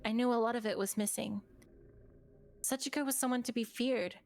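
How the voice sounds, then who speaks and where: A woman streamer reading a horror game's narration aloud in a steady, earnest storytelling way. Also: fairly high pitch, fairly quick, creaky, a little hiss or hum.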